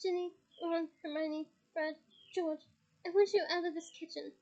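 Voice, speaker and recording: Storybook reading: a woman doing a shrill, fiercely protective mother who snaps loudly. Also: fairly even intonation, moderate pace, muffled recording. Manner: sharp, forceful outbursts. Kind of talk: reading a novel aloud.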